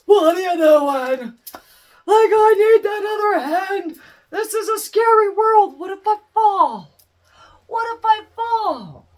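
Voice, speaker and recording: A woman voicing a frightened, clingy infant who cries and pleads in a high wail. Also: measured pace, hardly any pauses, raised voice. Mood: pleading.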